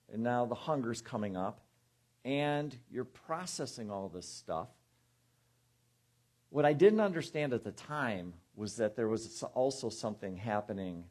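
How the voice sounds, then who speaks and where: A man preaching as a guest minister, telling a personal story to a congregation and quietly acting out the inner voices in it. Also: mid-range voice. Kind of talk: sermon storytelling.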